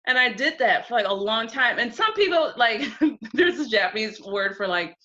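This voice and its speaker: Bright-voiced young woman, lo-fi call. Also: a little high, big pitch swings, normal speed. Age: 20s. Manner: chatty storyteller, often acts out quotes. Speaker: guest. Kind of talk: casual interview chat.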